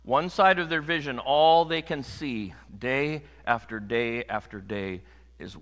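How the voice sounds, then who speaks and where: A middle-aged American man preaching a lively sermon as pastor, building to loud emphatic peaks and joking with the congregation. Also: mid-range voice, measured pace, long reverb tail. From United States.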